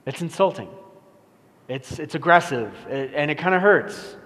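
Pastor with a fairly high voice in a reverberant hall. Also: male voice, lively intonation, moderate pace, a bit bright. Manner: casual, self-deprecating, many fillers and restarts. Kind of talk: conversational sermon. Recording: long reverb of a large hall.

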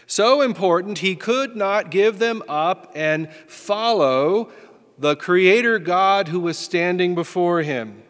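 A man's voice: high voice, takes it slowly, a bit bright, big-room sound. A man preaching a sermon as pastor, in a folksy, self-deprecating way.

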